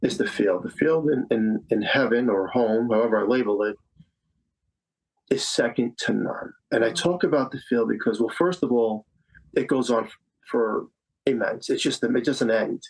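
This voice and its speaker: A man's voice: mid-range voice, normal speed, breathy edge, rough recording. Earnest fifty-something man telling a story. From Staten Island, New York. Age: 50s. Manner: earnest, repeats phrases for emphasis. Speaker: psychic medium guest. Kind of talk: personal storytelling in conversation.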